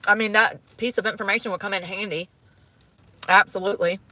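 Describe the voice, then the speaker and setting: A young woman hosts a casual livestream, reading news stories aloud and stopping to react. Her voice is bright and forward, with exclamations and nervous laughs between the lines. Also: mid-range voice, steady tone, a little fast. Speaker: livestream host.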